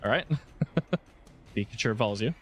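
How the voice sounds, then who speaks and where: A man running a tabletop game as game master, narrating in a relaxed way with frequent restarts. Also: fairly low pitch, brisk, soft background music.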